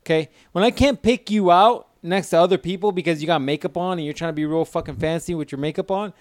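A man joking crudely in casual banter, profane and animated as he tells stories. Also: a little high, fast, dry recording, studio quality.

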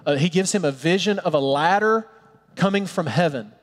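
A man preaching a sermon in an earnest, pleading way, sometimes dropping to soft, tender tones. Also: high voice, normal speed, big-room sound. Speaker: pastor.

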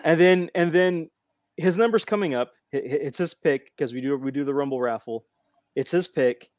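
A man's voice: on the high side, moderate pace, a little mellow. A man hosting a casual podcast chat and eagerly telling stories, acting out what people said. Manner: enthusiastic storyteller, acts out quotes.

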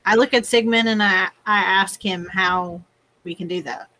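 A woman's voice: mid-range voice, steady tone, normal speed, bright, forceful tone, poor audio. A woman playing a tabletop game, plain and direct, partly speaking in character. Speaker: player. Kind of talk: casual tabletop chat and in-character talk.

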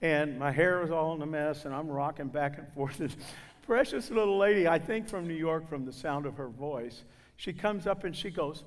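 An older man speaks to a gathering, spinning folksy, funny stories and acting out every character. His voice sits fairly high for a man. A long reverb trails each word, as in a large hall. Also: moderate pace. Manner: folksy, animated, acts out voices. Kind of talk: humorous storytelling talk.

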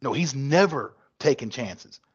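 A man's voice: mid-range voice, lively intonation, measured pace, breathy edge. A man co-hosting a casual sports podcast, talking in a laid-back way and dropping "bro" into his asides. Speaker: podcast co-host. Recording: dull lo-fi podcast audio.

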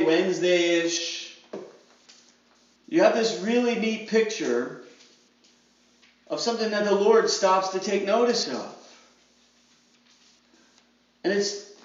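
A man's voice: sits high, slow, long pauses. A man preaching a sermon as pastor, acting out crowd voices in dramatic quotes. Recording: echoey hall, distant mic, dull sound.

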